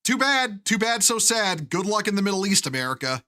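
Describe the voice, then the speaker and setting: A man's voice: sits high, very animated, brisk, sharp tone, exaggerated voice. A man putting on the voice of a smug, dismissive male official in a mocking tone. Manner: mocking, flippant.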